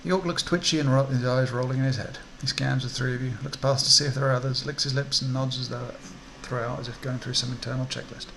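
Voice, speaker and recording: A man's voice: mid-range voice, fairly even intonation, quick pace, gravelly, hardly any pauses, fairly bright tone, slight background noise, poor audio. A man hosting a game playthrough, reading the story text aloud with casual asides. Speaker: let's play host and reader.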